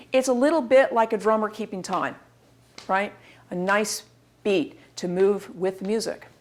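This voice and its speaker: A woman in her forties giving a recorded course lecture, lively and demonstrative. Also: a little high. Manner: lively, demonstrative, acts out examples in varied voices. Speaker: instructor.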